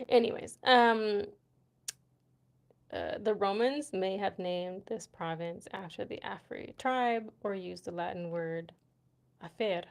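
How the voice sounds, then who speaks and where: A woman's voice: mid-range voice, creaky. Chatty young woman hosting a livestream. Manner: chatty, laughs often, many fillers like "right?" and "you know". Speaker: livestream host. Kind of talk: casual livestream chat reading comments. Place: Morocco.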